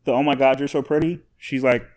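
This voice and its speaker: A man co-hosting a casual podcast chat, an animated storyteller who laughs often and swears freely. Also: medium pitch, brisk. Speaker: podcast co-host.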